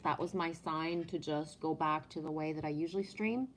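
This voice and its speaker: A woman's voice: low-pitched, steady tone, normal speed, a little hiss or hum. A woman with a French accent chatting casually on a live stream, greeting viewers by name and reading from oracle cards.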